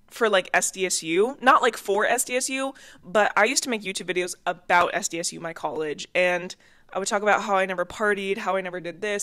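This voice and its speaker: A woman's voice: medium pitch, clear, resonant tone. Chatty young woman telling dating stories. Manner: chatty, animated, laughs through stories. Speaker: podcast host. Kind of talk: casual storytelling.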